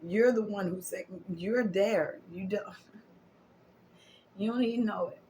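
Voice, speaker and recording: A woman's voice: mid-range voice, a little slow, dark tone, a little hiss or hum, poor audio. Emotional woman giving a spiritual card reading. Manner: affirming, repetitive, emotional, drops to whispers. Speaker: tarot and oracle card reader.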